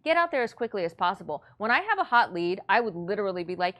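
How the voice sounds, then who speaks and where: A woman's voice: medium pitch, big pitch swings, fast talker, few pauses, fairly bright tone. Blunt, motivating woman real estate coach. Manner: blunt, matter-of-fact, motivational. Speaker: real estate investing instructor. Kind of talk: coaching lesson.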